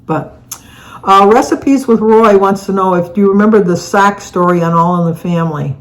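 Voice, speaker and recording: A woman's voice: medium pitch, moderate pace, low-quality recording. A woman in her seventies answering viewer questions in a casual chat, telling rambling stories and laughing through them. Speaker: co-host.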